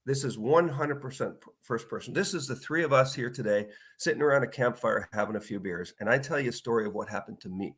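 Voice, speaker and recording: Animated man telling stories. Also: medium pitch, fast talker, hardly any pauses. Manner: animated storyteller, acts out quotes. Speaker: author guest. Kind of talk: casual interview chat.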